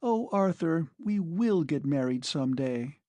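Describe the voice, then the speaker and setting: A man's voice: fairly high pitch, lively intonation, takes it slowly, mellow, no echo, voice pushed up. A man reading an audiobook, voicing a tearful, earnest young woman in a pleading manner. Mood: tender. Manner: pleading, emotional.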